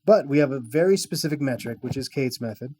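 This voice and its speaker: A man's voice: mid-range voice, animated, quick pace, darkish tone. Man, podcast co-host, enthusiastic and sweary, faint background hiss. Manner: enthusiastic, profane, reads trivia aloud. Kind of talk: casual film chat.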